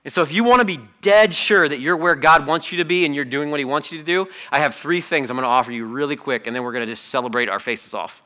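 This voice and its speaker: A bright, forceful man's voice preaching a sermon in a church. He is middle-aged and pitched a little high, and he talks to the room in a conversational, animated way, slipping into quick acted-out asides. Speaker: pastor. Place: church sanctuary.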